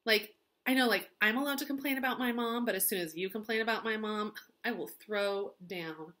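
A woman's voice: medium pitch, a little fast, bright, forceful tone. Gossipy teacher doing valley-girl chatter. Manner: chatty gossip, lots of "like", dramatic quotes.

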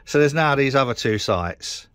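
A man's voice: mid-range voice, expressive, moderate pace, fairly bright tone, smooth, no room sound, studio quality. A middle-aged man with a British accent, ranting to camera in a frustrated, sweary, rambling way. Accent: British English. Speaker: vlogger. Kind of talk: casual rant to camera.

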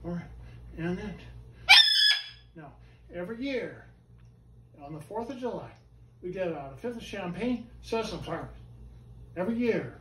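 Loud coaxing man heard from far away. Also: high-pitched, animated, unhurried, pauses often, slight background noise. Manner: loud, coaxing and prone to yelling. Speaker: bird trainer showing his talking bird. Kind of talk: live stage show patter. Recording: echoey room from far off.

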